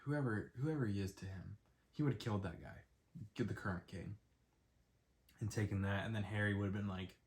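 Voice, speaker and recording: A man's voice: on the low side, normal speed, pauses often, a little mellow. A young man hosting his own podcast in casual solo chat, rambling with lots of "um"s and a stuffy nose. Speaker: podcast host.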